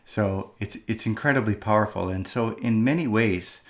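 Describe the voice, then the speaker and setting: Thoughtful low-voiced male host. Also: normal speed. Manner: thoughtful, hesitant, many fillers. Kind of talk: reflective commentary.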